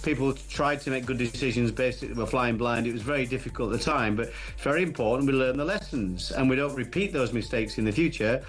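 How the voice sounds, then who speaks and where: A man guest in a radio discussion, quick and emphatic, pressing his opinions. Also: mid-range voice. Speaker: studio guest.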